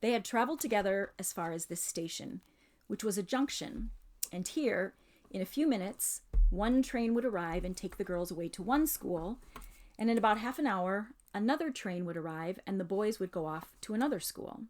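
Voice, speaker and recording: Female reader, mid pitch, measured storybook read-aloud. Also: expressive, darkish tone.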